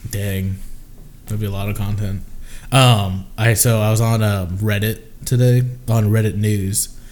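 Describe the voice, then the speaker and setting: A man's voice: on the low side, fairly even intonation, unhurried, darkish tone. A man co-hosting a podcast in casual chat, telling stories in a rambling way with many fillers. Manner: rambling storyteller, filler-heavy. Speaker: podcast co-host.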